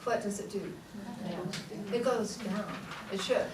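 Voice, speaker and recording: A woman's voice: mid-range voice, steady tone, slow pace, distant mic. A woman singing teacher leading a voice workshop for a live audience, playful, laughing often and demonstrating sung vowel sounds. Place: large room with an audience. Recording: roomy echo, voice from off-mic, audible room noise.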